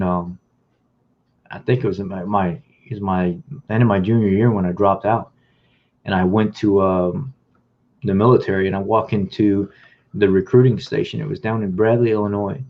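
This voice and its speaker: Speaking at a moderate pace in a fairly low voice with fairly even intonation, a man vlogs about his life in a rambling, casual way, performing the remembered conversations. The audio is dull and lo-fi.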